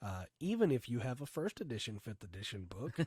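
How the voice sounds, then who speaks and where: A man co-hosting a podcast about tabletop game rules, hoarse and losing his voice from a cold, chatty and explaining with lots of fillers. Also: mid-range voice, very animated, a little fast, darkish tone, dry recording, studio quality. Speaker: podcast co-host.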